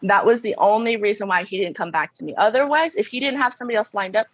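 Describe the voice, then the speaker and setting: Woman recounting hardship, halting and candid. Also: mid-range voice, lo-fi sound. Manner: halting, many fillers and restarts. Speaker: guest. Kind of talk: emotional personal testimony.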